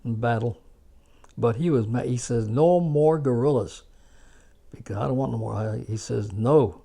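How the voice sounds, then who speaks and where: Gravelly older American man. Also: mid-range voice, brisk. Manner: rambling, animated, laughs at his own stories. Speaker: war veteran telling stories. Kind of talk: casual spoken storytelling.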